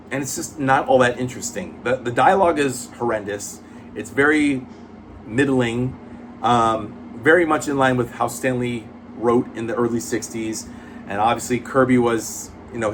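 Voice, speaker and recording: Guy ranting about comics, swears a lot, rambly, mid-pitched voice, faint hiss behind. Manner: blunt, profane, rambling. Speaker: comic book reviewer. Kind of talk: casual chat.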